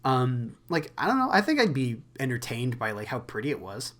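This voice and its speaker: A man's voice: medium pitch, wildly swooping pitch, brisk, a bit bright. A young man co-hosting a podcast, rambling casually and laughing easily, a little wheezy. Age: young adult. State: wheezy from asthma. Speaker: podcast co-host. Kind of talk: casual chat.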